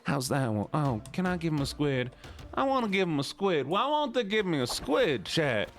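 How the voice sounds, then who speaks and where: A goofy, playful man chats with his stream audience while he plays, his pitch bouncing all over. He leans into a put-on southern drawl and drops into deep joke voices, with soft game music under him. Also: sing-song, normal speed. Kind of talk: casual chat with a live stream audience while gaming.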